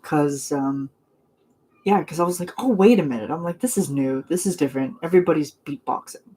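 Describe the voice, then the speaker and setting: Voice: medium pitch, fairly quick, a little mellow, husky. A non-binary young adult streamer talks casually with viewers in a mid-range voice. They gush, ramble and fill gaps with little laughs and "um"s. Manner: gushing, chatty, rambling with fillers and laughs. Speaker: vlogger chatting with viewers. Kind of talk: casual live chat.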